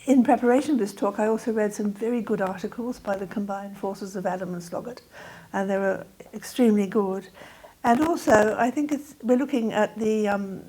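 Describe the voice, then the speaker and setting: Older aussie woman lecturing, measured and academic, mid-pitched voice. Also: mellow, low-quality recording. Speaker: guest speaker. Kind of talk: lecture talk.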